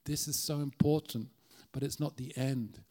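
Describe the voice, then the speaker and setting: A man's voice: mid-range voice, fairly even intonation, moderate pace, warm tone. Earnest Irish man preaching. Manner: earnest, conversational, with restarts. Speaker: guest preacher. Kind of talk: sermon. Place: church.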